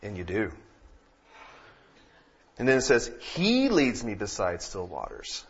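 A man delivers a sermon at a slow, deliberate pace, his husky voice rising from calm explanation to loud, emphatic peaks. His pitch swings widely. The recording sounds a little dull and lo-fi. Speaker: pastor.

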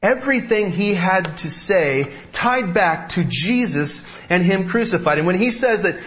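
A man's voice: sits high, animated, a little slow, a bit bright, lo-fi sound. A man preaching a sermon as pastor, talking in a conversational way, repeating key phrases and restarting sentences.

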